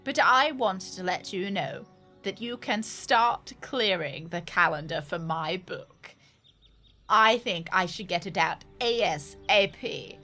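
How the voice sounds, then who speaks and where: Woman doing a put-on Australian man, eager explorer, slow loud drawl, faint music behind. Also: lowish voice, animated, heavily acted. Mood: boastful. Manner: slow, loud, drawn-out reading aloud. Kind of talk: reading a letter aloud in a put-on voice.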